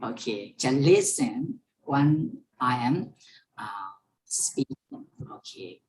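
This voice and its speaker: A woman's voice: extremely low pitch, lively intonation, takes it slowly, darkish tone. A woman teacher reading a story aloud to an online class, repeating each sentence and explaining words. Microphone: online class microphone.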